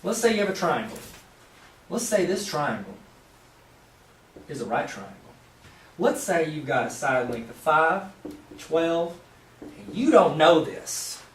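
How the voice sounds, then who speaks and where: A man gives a math lesson at a board, his fairly high voice jumping lively up and down. He explains each step plainly and keeps slipping in playful jokes to the viewer. The sound is roomy, picked up from some way off the mic. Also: measured pace, pauses often, recorded from a distance, a little hiss or hum. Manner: playful, jokey asides to the viewer. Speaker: math teacher. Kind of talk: joking whiteboard math lesson. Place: room with a whiteboard.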